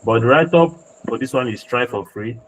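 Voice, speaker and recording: A patient male tutor talks a class through a design tutorial as he works on screen. His pitch sits in the middle, and he repeats key points to make sure everyone keeps up. Steady background noise runs under his voice. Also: moderate pace, low-quality recording. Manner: patient, repeats himself while working on screen. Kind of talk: screen-share tutorial walkthrough.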